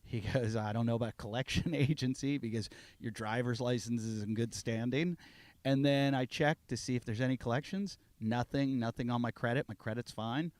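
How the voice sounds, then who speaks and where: A man's voice: medium pitch, moderate pace, no room sound. A man on a podcast casually telling a long story, acting out what he and others said. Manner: animated storyteller acting out both sides of a conversation. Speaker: podcast co-host.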